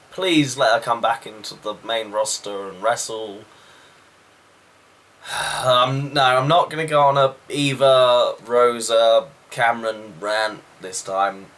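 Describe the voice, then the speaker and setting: A man's voice: mid-range voice, a bit bright. Guy doing a casual wrestling recap, rambly and chatty, lots of asides. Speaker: wrestling show reviewer. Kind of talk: casual video review.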